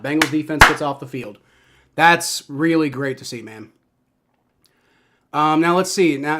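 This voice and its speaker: A young man giving live play-by-play reaction to a football game, excitable and swearing as he reacts to each play. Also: a little high, background noise.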